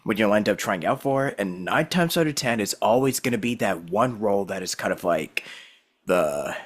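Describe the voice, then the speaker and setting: A man hosting a podcast interview in casual, animated conversation, laughing easily. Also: fairly low pitch, normal speed. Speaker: podcast host.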